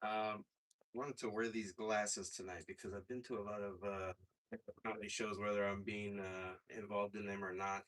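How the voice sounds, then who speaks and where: A man performing a stand-up comedy set on a club stage, with a profane, halting delivery full of fillers. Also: lowish voice, flat delivery, a bit bright. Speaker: stand-up comic. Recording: stage mic heard from afar.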